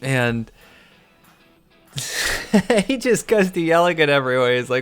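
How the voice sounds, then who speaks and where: A man's voice: fairly high pitch, very animated, slow pace, pauses often, a bit bright, clear, resonant tone, soft background music. A man hosting a casual, amused comic book recap with loose fillers.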